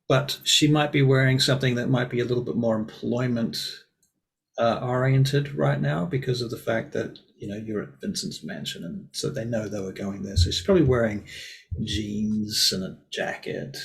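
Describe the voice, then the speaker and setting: A man's voice: medium pitch, moderate pace, vocal fry, poor audio. A man running a tabletop role-playing game as game master, rambling casually and swearing freely.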